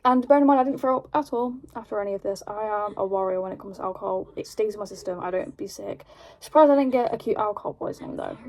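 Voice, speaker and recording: A young woman with an English accent telling a rambling, animated story at home while doing her makeup, full of "like". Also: mid-range voice, rough recording. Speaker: vlogger. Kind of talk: casual storytime chat.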